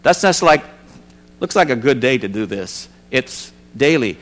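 A man's voice: medium pitch, expressive, measured pace, a bit bright. A man giving an informal sermon, reading scripture aloud and adding conversational asides with frequent restarts. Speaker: preacher. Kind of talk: informal Bible study sermon.

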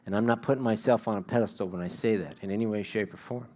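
A man's voice: lowish voice, quick pace, a little mellow. A middle-aged man preaching a sermon in a conversational, self-deprecating way, building to emphatic bursts.

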